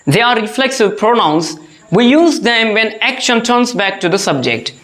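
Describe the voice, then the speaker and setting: A grammar teacher giving a lesson to students, speaking slowly and repeating each phrase and example, often addressing them as dear students. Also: mid-range voice, sing-song, a bit bright.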